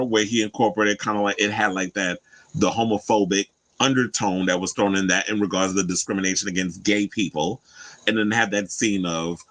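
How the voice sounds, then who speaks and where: Animated, chatty man with a low voice. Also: low-quality recording. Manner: animated, chatty, swings high for emphasis and quoted asides. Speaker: host. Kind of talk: casual celebrity gossip commentary.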